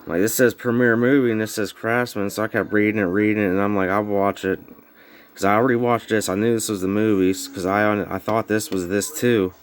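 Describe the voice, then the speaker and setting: Man, deep monotone, laid-back collector vlog, slight slur, lots of ums. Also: a little fast, slight background noise. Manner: rambling, filler-heavy, informal grammar. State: snuff in mouth slurring words. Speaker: VHS collector vlogger. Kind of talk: casual show-and-tell. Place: home bedroom.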